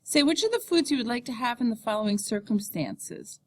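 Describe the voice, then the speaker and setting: A woman with a somewhat high voice teaches a recorded class on her computer. She explains in English and slows down to model each French phrase for students to repeat. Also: expressive.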